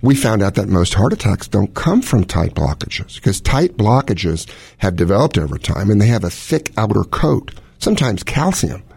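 A man's voice: on the low side, big pitch swings, moderate pace, vocal fry, a little mellow, slightly rough, no echo. A middle-aged man, a cardiologist, explaining heart conditions in casual chat with analogies and quoted scenarios. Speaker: cardiologist host.

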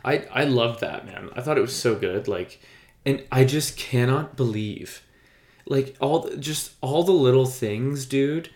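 A man's voice: mid-range voice, a little slow, a little mellow, echoey room. A man co-hosting a casual podcast chat, rambling and enthusiastic, with lots of fillers. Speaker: podcast co-host.

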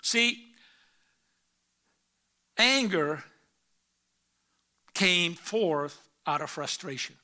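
A man preaching a sermon who reads scripture aloud and swings between quiet asides and loud emphatic rises. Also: high voice. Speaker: pastor.

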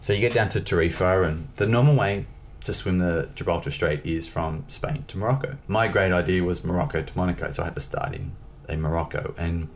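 Deep-voiced man telling a story. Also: a little hiss or hum. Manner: lively, acts out dialogue in his stories. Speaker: interview guest. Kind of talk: casual storytelling.

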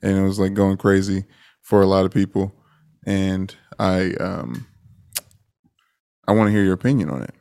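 A man's voice: sits low, steady tone, moderate pace, creaky, long pauses, darkish tone, clean tone. A man co-hosting a casual podcast chat from a remote line, easygoing and searching for his words. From Florida, USA. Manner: easygoing, with many fillers and restarts. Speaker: podcast co-host.

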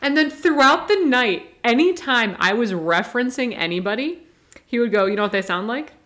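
A young woman co-hosting a casual podcast, telling an animated story and laughing often. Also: on the high side, normal speed. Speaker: podcast co-host.

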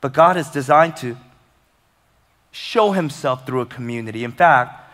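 A man preaching a sermon as a pastor, animated and conversational, with humor and rhetorical questions. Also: mid-range voice, normal speed, in a large hall.

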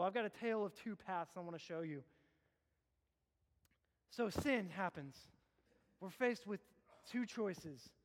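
A man preaching a sermon as a pastor, impassioned, swinging between loud urging and low hushed appeals. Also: animated, a little slow, long pauses. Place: church sanctuary. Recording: long hall reverb.

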